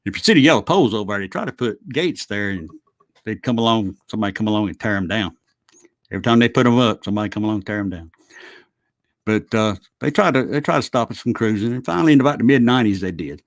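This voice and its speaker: A man's voice: lowish voice, lively intonation, quick pace, no echo. A middle-aged man telling stories in a casual, rambling way, chuckling and swearing as he looks back on his youth. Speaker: vlogger. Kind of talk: casual storytelling.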